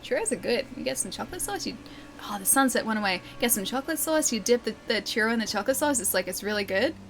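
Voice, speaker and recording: A woman's voice: a little high, animated, fast, a bit bright, slight background noise. A woman with an Australian accent, chatting casually with her viewers while she plays a game live, laughing often and answering chat. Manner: chatty, giggly, reads chat aloud. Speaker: livestreamer.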